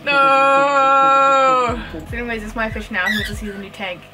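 Young woman reacting to pet clips, gushy and chatty, mid-pitched voice, music playing behind. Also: fairly even intonation, rough recording. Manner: chatty, gushing, quick to exclaim and laugh. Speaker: pet channel host. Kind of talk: casual reaction commentary. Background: background music.

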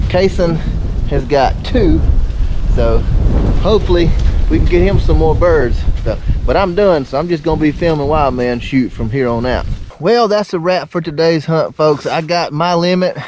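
A man, narrating his duck hunt in a folksy, excitable way, recorded outdoors in a windy marsh on a camera mic. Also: fairly high pitch. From Alabama. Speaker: duck hunter and channel host. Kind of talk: outdoor hunting vlog narration. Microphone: handheld camera mic.

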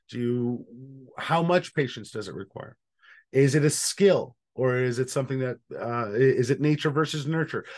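Guy on a video call running a trainer session, mid pitch, lots of ums. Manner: casual, thinking aloud with fillers and restarts.

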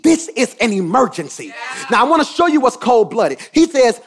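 High-voiced preaching pastor, dynamic delivery. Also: male voice, big pitch swings, a little fast, few pauses. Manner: preaching with dynamic swings, from low asides to shouted emphasis; repeats words for emphasis. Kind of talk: sermon.

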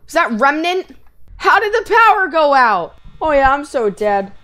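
A woman hosting a let's-play video, talking excitedly and yelping when scared, into a close gaming mic. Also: high voice. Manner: excitable, jumps from scared yelps to quick chatter.

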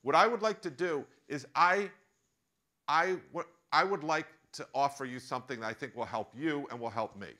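American guy doing a chatty eager businesswoman, bright voice, kinda pushy. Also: a little high, moderate pace. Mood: persuasive. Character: upbeat woman, former consultant and mother.

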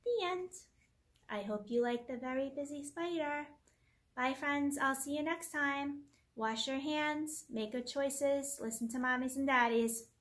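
A woman's voice: high-pitched, measured pace, a bit bright. A woman hosting story time for young children, reading a picture book aloud in a sing-song teacher voice and making the animal sounds.

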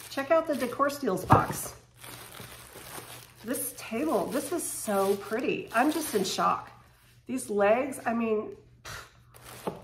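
A woman chatting casually to camera as she unboxes home decor, excitable and gushing, with quick bursts of surprise. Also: a little high. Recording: echoey room with faint noise.

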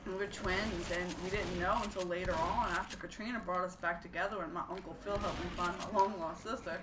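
While playing a game, a young woman tells stories in a casual, animated way, swearing and laughing as she goes. Her voice is fairly low and fairly quick. The recording is roomy, distant and noisy.

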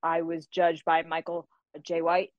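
A woman guesting on an interview show, telling stories in a lively, casual way and acting out the voices of people she quotes. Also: deep voice, unhurried, no echo, highs cut off. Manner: animated storyteller who acts out quoted voices. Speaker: guest author.

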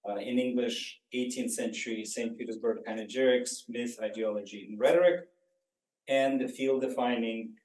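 Hesitant host in a roomy hall. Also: male voice, medium pitch, steady tone, darkish tone. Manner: many "uh" fillers, slow deliberate delivery. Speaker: host introducing a speaker. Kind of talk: formal introduction, hesitant. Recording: roomy lecture hall, distant mic.

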